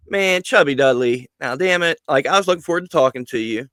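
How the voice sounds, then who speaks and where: A man telling stories as a guest on a casual podcast, animated, swearing freely and laughing mid-sentence. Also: mid-range voice, fairly quick, no room sound. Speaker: guest, wrestling personality.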